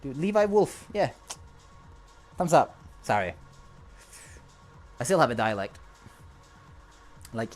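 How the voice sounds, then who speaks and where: A man's voice: medium pitch, sing-song, slow pace, long pauses, faint music behind. A man with a non-native English accent chatting casually on a livestream, rambling, joking and laughing often. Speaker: streamer.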